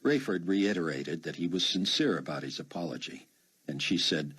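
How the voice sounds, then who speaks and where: A man's voice: deep voice, normal speed, fairly bright tone, slightly rough. A man reading a novel aloud as an audiobook narrator, voicing all the parts himself.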